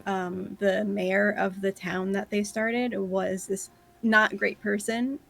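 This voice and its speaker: A woman's voice: medium pitch, flat delivery, slow, creaky, a bit bright. A woman chatting casually and animatedly, laughing often. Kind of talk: casual chat.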